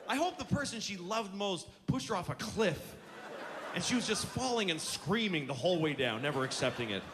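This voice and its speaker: A man's voice: high-pitched, animated, fairly quick, over music. A man doing a stand-up routine, ranting in exasperation and mocking how other people talk. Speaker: stand-up comedian. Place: comedy stage before an audience. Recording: live club with crowd laughter and noise.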